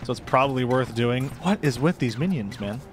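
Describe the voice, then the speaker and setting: A young man talks through his gameplay in a loose, chatty way, full of rambling asides and jokes at his own expense. His voice sits at an everyday middle pitch, with faint music playing underneath. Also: lively intonation, fairly quick. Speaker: gameplay commentator. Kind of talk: casual gameplay commentary.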